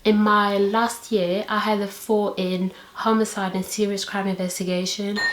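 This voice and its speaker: A young woman, telling a story vlog in an animated, sassy way. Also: medium pitch, reverberant. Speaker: vlogger.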